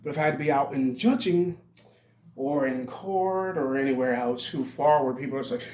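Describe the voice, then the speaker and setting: A man's voice: medium pitch, fairly even intonation, moderate pace, a little mellow. Blunt young man rambling in an echoey room. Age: 20s. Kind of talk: rambling spoken monologue. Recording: roomy echo.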